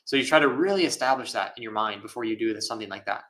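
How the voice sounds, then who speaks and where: A man who is a Buddhist monk, answering questions in a relaxed, thoughtful way with frequent laughs and fillers. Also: lowish voice, very fast, poor audio. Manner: casual, thoughtful, laughs often, many fillers. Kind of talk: live Q&A dharma talk.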